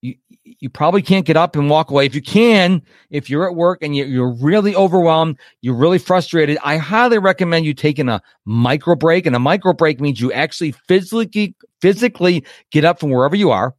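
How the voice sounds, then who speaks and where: A man hosting a live webinar as a coach, chatty and lively, acting out quotes and checking in with his listeners. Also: fairly high pitch, brisk, dry recording, clean studio sound. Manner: chatty, animated, acts out quotes and checks in with "okay?".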